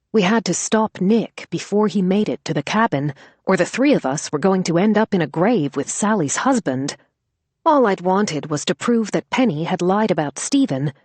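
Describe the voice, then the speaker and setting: A woman narrating an audiobook in an even, measured voice, close to the mic. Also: lowish voice, no room sound. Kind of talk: scripted narration. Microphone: close studio mic.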